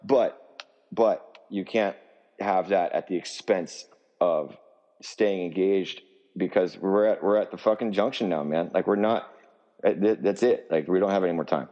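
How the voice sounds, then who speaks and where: A man's voice: low voice, a little slow, warm tone, big-room sound, muffled recording. A man being interviewed as a musician guest, talking in a fired-up, profane, emphatic rant. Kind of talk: heated interview talk.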